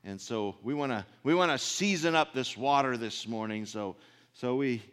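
A man with a medium-pitched voice preaches a sermon at a normal pace in a folksy, conversational style. He grows louder on his key points and frequently clears his throat.

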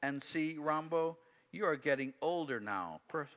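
An earnest male friend gently urging his companion, as a preacher reads him out. The voice is bright and forceful, and it echoes with a long reverb in a large hall. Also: a little high, animated, a little slow, lo-fi sound.

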